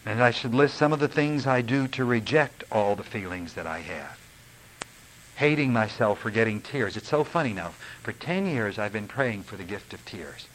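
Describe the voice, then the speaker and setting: A man's voice: lowish voice, animated, normal speed, a bit bright, a little hiss or hum, poor audio. An older man giving an earnest, rambling, confessional recovery talk. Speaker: recovery speaker.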